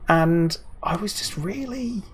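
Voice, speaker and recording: A man's voice: sits high, expressive, takes it slowly, slight background noise. A British man streaming a game, chatting casually with viewers in a rambling way with lots of ums and restarts.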